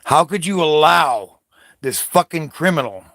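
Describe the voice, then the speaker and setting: Profane older man ranting, slow and dry. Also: fairly high pitch, animated, fairly bright tone, no room sound. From United States. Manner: profane, confrontational, taunting. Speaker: Navy veteran vlogger. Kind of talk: angry political rant to camera.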